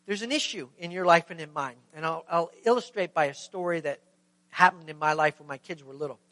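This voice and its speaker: A man's voice: on the high side, a little fast, fairly bright tone, no echo. A middle-aged male pastor preaching a sermon, telling a story with emphatic, questioning delivery to the congregation.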